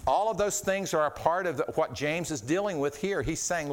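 A man's voice: fairly high pitch, moderate pace, hardly any pauses. Earnest man preaching a sermon. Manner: earnest, repeats words and restarts, swings between quiet and raised voice. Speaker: pastor.

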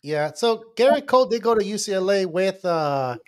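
High-voiced man in casual sports chat. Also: lively intonation, moderate pace, a little mellow. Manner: loose, rambling, laughs often. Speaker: podcast co-host.

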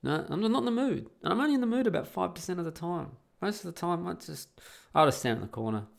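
A man's voice: on the high side, big pitch swings, fast talker, vocal fry. A man from Australia talking casually on camera in a rambling, profane, exasperated way, restarting and repeating his phrases. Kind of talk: casual monologue.

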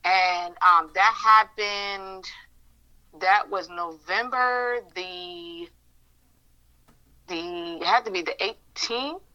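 A woman's voice: mid-range voice, animated, extremely slow, long pauses, bright, forceful tone, clean tone, low-quality recording. A woman giving a fervent, emotional personal testimony in a faith podcast interview, telling her story vividly. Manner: fervent, storytelling, acts out her prayers with God. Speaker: minister sharing a testimony.

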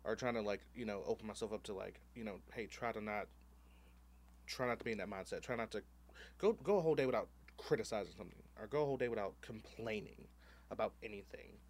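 A man's voice: lowish voice, quick pace. Candid, profane male podcast host. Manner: candid, profane, animated storytelling with many fillers. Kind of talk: casual chat.

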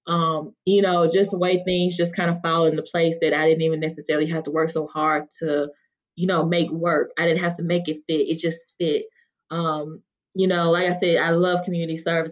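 A woman from Mississippi, a guest on a podcast, talking in an earnest, heartfelt way with many fillers. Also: on the low side. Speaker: podcast guest, chapter member. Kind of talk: casual interview talk. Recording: dull lo-fi sound.

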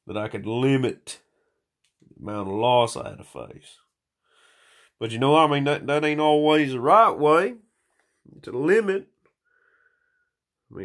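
Rough-voiced man, slightly hoarse, profane rambling monologue recorded on a phone at home. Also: medium pitch. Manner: profane, rambling stream of consciousness. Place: small room at home.

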